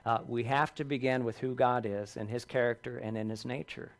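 Homem pregando um sermão com ênfase sincera. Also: male voice, medium pitch, fairly even intonation, brisk. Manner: earnest, rising in emphasis and dropping softly on key lines. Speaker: pastor. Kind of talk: sermon.

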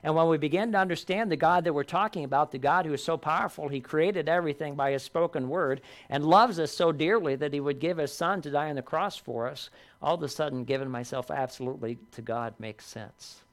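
A man preaching a sermon, earnest, lifting his voice for emphasis and dropping low on key lines. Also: a little fast. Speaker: pastor.

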